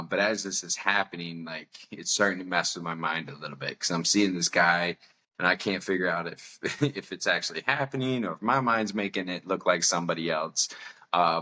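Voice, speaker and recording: A young man with a deep voice that still has a bright, forceful edge tells a personal story. His manner is candid and self-mocking, and he laughs often. He sounds like a podcast host talking loosely, not reading from a script.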